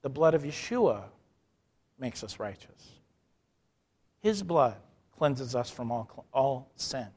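A man preaching a sermon emphatically, dropping soft and then rising loud, acting out the people in his stories. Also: medium pitch, sing-song, takes it slowly, long pauses, breathy edge, big-room sound. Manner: emphatic, swings from soft to loud, acts out quotes.

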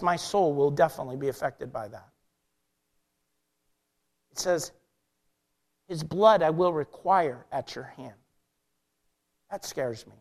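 A male pastor preaching a passionate sermon, swinging between loud emphatic lines and quiet, low ones.

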